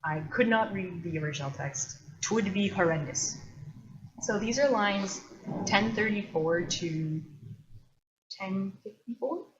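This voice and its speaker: A woman's voice: mid-range voice, animated, a little slow, noisy background. A woman hosting a casual solo talk, chatty and thoughtful, with loose asides. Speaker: host. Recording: dull lo-fi recording.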